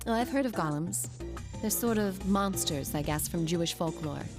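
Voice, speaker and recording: A confident young woman in a video game, voiced by an actress, speaking in a lowish, brisk, explanatory way. Game music runs underneath. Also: lively intonation, lightly acted.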